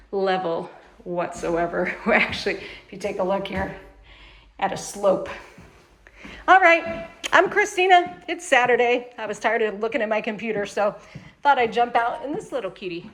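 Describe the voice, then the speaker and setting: A woman's voice: medium pitch, expressive, normal speed, a bit bright, a little hiss or hum. A woman who manages a mobile home sales lot, chatting in an upbeat way while she walks viewers around a home, outside and then inside. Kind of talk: casual home walkthrough.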